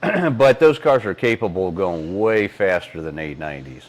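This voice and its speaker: A middle-aged man talks engines in loose, rambling shop talk, leaning on fillers and clearing his throat now and then. His voice sits a little low. It is picked up by a lapel mic clipped to his collar. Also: expressive, normal speed. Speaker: engine builder and podcast co-host. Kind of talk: casual technical shop talk.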